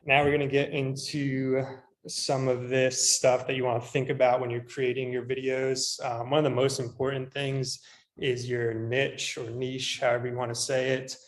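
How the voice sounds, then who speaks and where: Flat-voiced man teaching in an echoey room. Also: medium pitch, moderate pace. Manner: relaxed, frequent ums, walks through a screen demo. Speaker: real estate agent teaching a class. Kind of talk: casual instructional talk.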